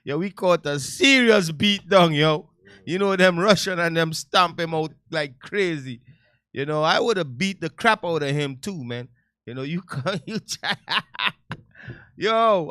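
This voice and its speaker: A man hosting a talk-radio show, giving casual commentary in a loud, heated, preachy way with slangy asides. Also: on the high side, expressive, takes it slowly, dry recording, studio quality.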